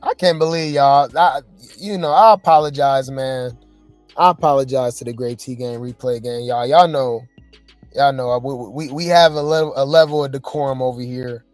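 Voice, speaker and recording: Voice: mid-range voice, moderate pace, a little mellow, no echo. Gossip host, chatty reaction commentary, dry close sound, faint music. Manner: casual, exclaiming, chatty.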